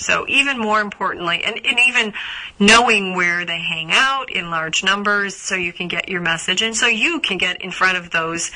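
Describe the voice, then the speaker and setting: A woman with a very bright, forward voice hosts a live coaching call for members. She talks in a loose, chatty way, full of "uh" and "um" and restarts as she works through listener questions. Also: on the low side, low-quality recording. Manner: chatty, many fillers and restarts.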